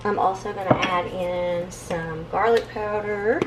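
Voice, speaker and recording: A woman's voice: mid-range voice, unhurried, very noisy. A woman chatting casually as she cooks supper in her home kitchen. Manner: chatty, relaxed, says y'all often. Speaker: home cooking vlogger. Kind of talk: casual cooking chat.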